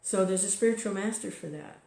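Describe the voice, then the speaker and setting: Lady giving a rambling devotional talk, lots of "you know", mid pitch, roomy echo. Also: fairly quick, creaky, dark tone. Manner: conversational, many fillers and "you know". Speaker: devotional speaker. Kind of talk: informal spiritual talk. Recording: echoey room recording.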